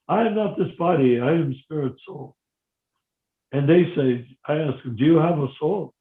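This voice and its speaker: Older male spiritual teacher, higher-pitched voice, echoey phone-line sound, animated storyteller who acts out dialogue. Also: normal speed. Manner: animated, acts out dialogue with sudden loud outbursts. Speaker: spiritual teacher leading a devotee meeting. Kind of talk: casual teaching talk over a phone meeting.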